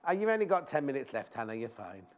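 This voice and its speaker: A man's voice: mid-range voice, big pitch swings, fast. A man presenting a live shopping show in a TV studio, chatting in rambling anecdotes and speaking fondly to viewers.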